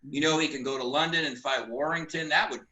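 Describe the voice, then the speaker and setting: A man's voice: a little high, fairly even intonation, fast, bright, forceful tone, roomy sound, rough recording. A man co-hosting a boxing talk show, rambling and repeating himself as he chats casually. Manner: rambling, repeats words, laughs while talking.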